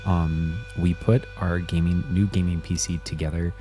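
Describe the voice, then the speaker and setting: Speaking into a desk mic pulled in close, a gaming livestream host chats casually from home and greets his viewers by name. He has a deep, mellow voice with little pitch movement and a normal pace, with music running under his speech.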